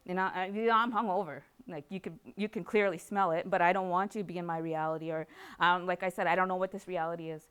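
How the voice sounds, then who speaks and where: Woman with a smooth, clear voice. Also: fairly low pitch, fairly even intonation, fast, fairly bright tone. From Canada. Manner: raw, emotional, repetitive phrasing. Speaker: speaker sharing her recovery story. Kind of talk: personal testimony talk.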